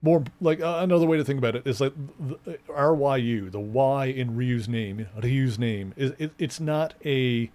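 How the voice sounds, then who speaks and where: A man's voice: medium pitch, normal speed, few pauses, a little mellow. Chatty man streaming a game. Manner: rambling, explains at length with many fillers. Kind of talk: casual let's-play commentary.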